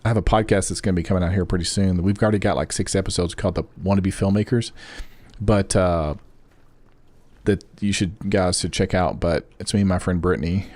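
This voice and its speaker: A man's voice: low-pitched, fairly even intonation, a little fast, darkish tone, no room sound. A young adult man talking casually with viewers while streaming a game, rambling and chatty. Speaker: gaming streamer. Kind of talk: casual live-stream chat.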